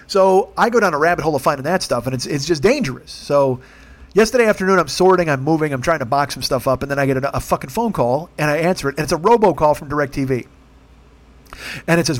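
A man's voice: fairly high pitch, lively intonation, quick pace. A man telling a profane, comic story as a rant, acting out the people he quotes in put-on voices. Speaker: podcast host.

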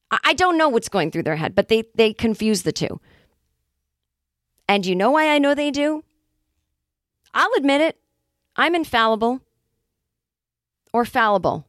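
A woman's voice: fairly high pitch, animated, a bit bright, dry recording, studio quality. Wry, chatty woman comic host. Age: 40s. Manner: chatty and wry, with quick acted-out asides. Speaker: podcast host. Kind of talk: casual comedic monologue.

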